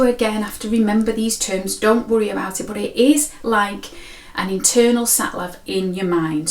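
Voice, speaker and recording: Woman, mind coach, friendly explaining, roomy echo. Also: medium pitch. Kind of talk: coaching talk with storytelling.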